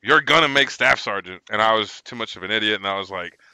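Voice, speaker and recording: तीस के दशक का एक आदमी, सेना का पूर्व सैनिक, जो खुलकर गालियों के साथ भटकती हुई कहानियाँ सुनाता है।. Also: male voice, on the low side, fast, bright, forceful tone, clean tone, dry recording, low-quality recording. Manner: rambling, profane storyteller. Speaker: military veteran guest. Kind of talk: casual chat.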